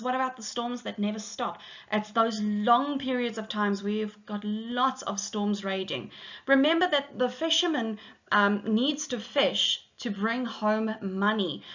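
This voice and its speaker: A woman's voice: a little high, a bit bright, dull audio. A middle-aged woman teacher, explaining a poem line by line in a methodical way with frequent ums. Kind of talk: poetry lesson.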